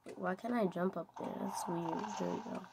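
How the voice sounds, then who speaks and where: A woman's voice: lowish voice, normal speed, gravelly, heavy background noise. A woman giving playful, rambling commentary over her gameplay, giggling often. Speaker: gaming video creator.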